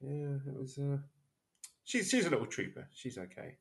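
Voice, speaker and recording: A man's voice: medium pitch, very animated, normal speed, creaky. A man in his thirties hosting a podcast, chatting casually in a rambling, self-mocking way. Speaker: podcast host.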